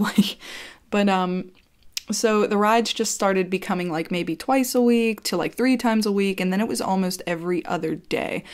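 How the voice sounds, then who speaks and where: A woman's voice: mid-range voice, moderate pace. A woman telling a personal story to camera in a casual vlog, chatty and blunt, swearing freely and filling with "like".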